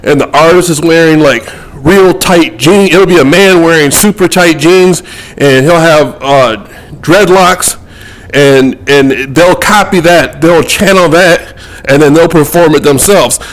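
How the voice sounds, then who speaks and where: A man's voice: fairly high pitch, unhurried, rough recording. A man talking to camera about his work as a metaphysical mentor, in a casual monologue that rambles and repeats words as he thinks.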